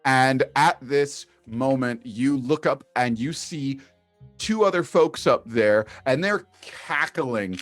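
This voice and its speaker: A man's voice: mid-range voice, no room sound, faint music behind. Man narrating as game master. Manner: lively storytelling with quick put-on voices.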